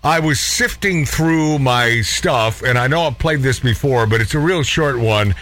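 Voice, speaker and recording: Rambling, bright-voiced radio host man. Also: medium pitch, measured pace. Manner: rambling, self-interrupting, jokey. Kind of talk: casual radio chat.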